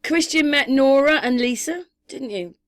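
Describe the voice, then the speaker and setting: Woman hosting a chat, keeps asking questions, voice a little high. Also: moderate pace. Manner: prompting questions. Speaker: host. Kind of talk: casual chat.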